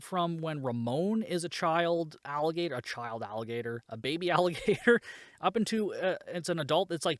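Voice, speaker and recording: A man's voice: on the high side, no room sound, clean studio sound. A man hosting a podcast, recapping a film in a casual, rambling way, exasperated and swearing, with lots of fillers. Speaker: podcast host.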